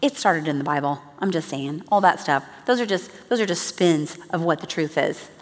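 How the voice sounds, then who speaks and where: A woman's voice: low voice, moderate pace. A woman giving an earnest, chatty church teaching talk to a congregation. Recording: long reverb of a large hall.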